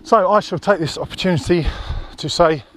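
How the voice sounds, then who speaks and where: A slightly high-voiced man talks straight into a handheld camera as he walks along a narrow country road. He rambles in a friendly, chatty way. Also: normal speed, fairly bright tone, slight background noise. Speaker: outdoor vlogger. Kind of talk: casual chat to camera.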